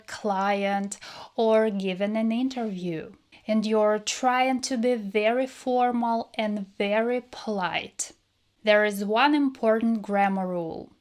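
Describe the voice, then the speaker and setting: A woman teaching a grammar lesson, explaining slowly and clearly and acting out example phrases. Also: fairly high pitch. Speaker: English teacher.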